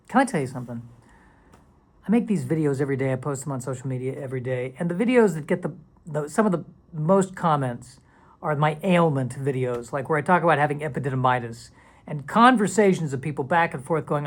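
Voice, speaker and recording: A man talking casually to camera in a vlog, rambling and playful, sometimes dropping into silly whispers and mock dramatic voices. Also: a little high. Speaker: video creator.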